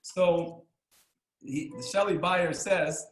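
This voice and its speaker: A man teaching a class as a rabbi, telling stories and jokes in an animated, chuckling way, acting out the lines of the people in them. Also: fairly high pitch, normal speed, reverberant, poor audio. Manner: animated, chuckling storyteller who acts out the characters' lines. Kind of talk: storytelling lesson with jokes.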